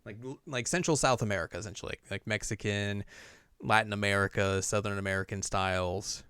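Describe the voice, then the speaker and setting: A man's voice: fairly low pitch, steady tone, a little fast, sharp tone, smooth, dry recording, clean studio sound. A man co-hosting a podcast, casually recapping a game story in a rambling way with lots of "like" and laughs. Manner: rambling, full of "like" and laughs, acts out characters. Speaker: podcast co-host.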